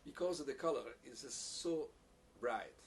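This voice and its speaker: A man leads a piccolo masterclass and explains things haltingly, repeating words and using non-native phrasing as he feels his way through. His voice sits at an ordinary middle pitch for a man. He is picked up from a distance, with a faint hiss underneath. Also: lively intonation. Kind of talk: masterclass teaching, answering questions.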